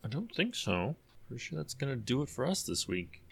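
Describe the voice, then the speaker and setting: A man's voice: mid-range voice, big pitch swings, brisk, gravelly, breathy edge. A man co-hosting a podcast in casual chat, laid-back, with short replies. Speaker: podcast co-host.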